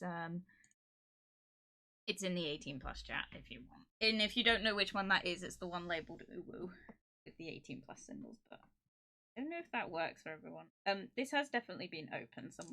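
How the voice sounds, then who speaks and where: A woman streamer chatting casually to her viewers, excitable and giggly, rambling with lots of fillers. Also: fairly low pitch, a little hiss or hum. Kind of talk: casual live-stream chat.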